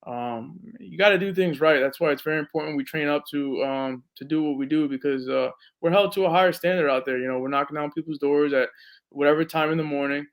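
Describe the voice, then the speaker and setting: A man's voice: on the high side, fast talker. A man, a veteran and police officer, talking earnestly as a podcast guest with lots of fillers. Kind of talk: casual interview talk.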